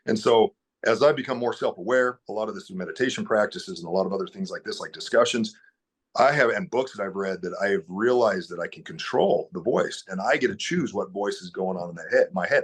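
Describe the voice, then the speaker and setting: A man's voice: low voice, slightly rough. A man speaking as a podcast guest in casual conversation, earnest and blunt, with casual swearing.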